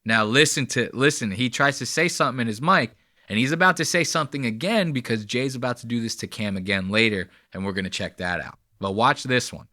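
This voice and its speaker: A man's voice: medium pitch, a little fast, sharp tone, no room sound, studio quality. A man hosting a podcast, chatting casually and profanely about clips he plays, with lots of fillers. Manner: profane, rambling, filler-heavy. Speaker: podcast host.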